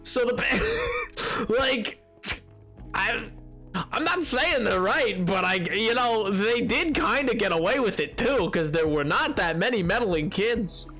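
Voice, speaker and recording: A young man hosts a casual game stream, rambling and joking as he reads the chat. His voice sits high and swoops up sharply when he greets viewers. Faint music plays softly behind him. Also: animated, slow pace. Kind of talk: casual livestream chat, reading chat aloud.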